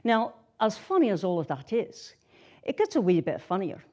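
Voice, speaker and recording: A middle-aged woman with a Scottish accent, a worship minister telling a story in a gentle sermon and dropping softly on key words. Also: mid-range voice, huge pitch swings, normal speed.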